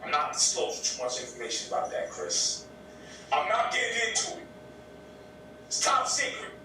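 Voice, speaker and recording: A man telling a story in a casual podcast interview, animated, blunt and profane, acting out what others said. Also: moderate pace, distant mic. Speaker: guest. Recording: echoey room, off mic, faint rumble.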